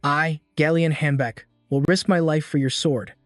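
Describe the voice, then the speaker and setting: A man's voice: a little high, steady tone, normal speed, dry recording, clean studio sound, soft background music, lightly acted. Passionate male smith, read by a male narrator, fervent and earnest. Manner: fervent, emotional. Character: passionate male master blacksmith, emotional.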